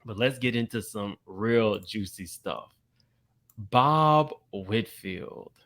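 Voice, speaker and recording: A man hosting a casual reality-TV gossip commentary, chatty and quick to laugh, talking straight to his viewers. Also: lowish voice, lively intonation, a bit bright. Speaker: commentary channel host.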